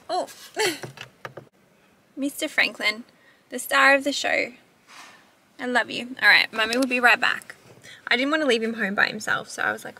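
A young woman in her twenties chatting casually to her camera for a vlog, giggly and quick to swear. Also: a little high, gravelly, pushed and bright, slight background noise. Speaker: vlogger.

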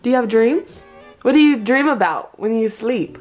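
Young woman, twenties, slightly high voice, sing-song and laughing, faint music underneath. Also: expressive, normal speed, darkish tone. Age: 20s. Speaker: vlogger interviewing her toddler. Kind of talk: playful casual chat.

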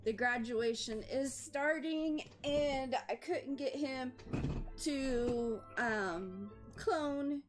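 A woman's voice: high voice, very slow, faint music behind. A woman casually commentating a life-simulation game, chatty and reading out in-game actions as she plays. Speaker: gameplay host. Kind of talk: casual let's-play commentary.

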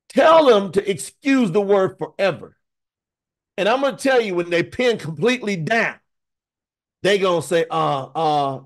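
A man preaching in an online scripture teaching, emphatic and animated, calling out to viewers by name. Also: high voice.

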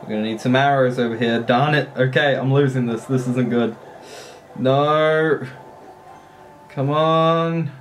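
A man giving casual, excitable commentary while playing a mobile strategy game, often swearing and laughing at his own play. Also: mid-range voice, fairly quick, hardly any pauses, a little hiss or hum.

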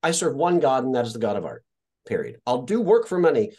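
A man from Indiana tells stories as an interview guest, his voice swinging widely up and down as he gets carried away. He drops swear words freely and acts out the people he quotes. The pitch sits in the middle for a man. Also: very animated, fast, dark tone, breathy edge. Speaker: actor guest. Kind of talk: casual interview storytelling.

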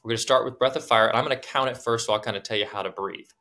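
A man guiding a breathing exercise, calmly coaching and counting breaths aloud. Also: mid-range voice, racing. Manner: soothing meditative guidance. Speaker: breathwork guide. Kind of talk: guided breathing instruction.

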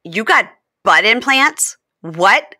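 A woman's voice: mid-range voice, sing-song, brisk, a bit bright, voice pushed up. A woman voicing a bewildered middle-aged husband on reality TV, incredulous and plaintive.

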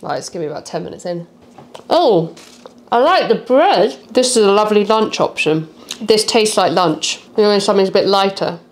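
A woman's voice: mid-range voice, lively intonation, a little fast. Chatty woman eating on camera. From United Kingdom. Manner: chatty, laughing, talking while eating. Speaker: YouTube host. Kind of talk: casual chat while eating.

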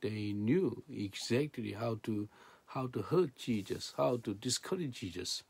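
A man's voice: on the low side, expressive, unhurried, gravelly, slightly rough, no echo. A man preaching a sermon in non-native English, reading scripture and then explaining it with rhetorical questions.

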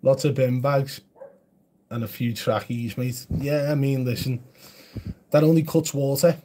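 A man's voice: medium pitch, fairly even intonation, measured pace, warm tone, a little hiss or hum. A man chatting casually on a live stream, answering viewer comments in a blunt, chatty way.

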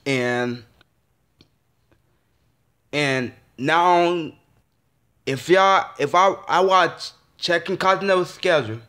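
A man's voice: fairly high pitch, takes it slowly, long pauses, sharp tone, clean tone. Frustrated young man ranting with stumbling repeats. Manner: frustrated, repetitive, swearing, stumbling restarts. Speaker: vlogger. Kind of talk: casual ranting vlog.

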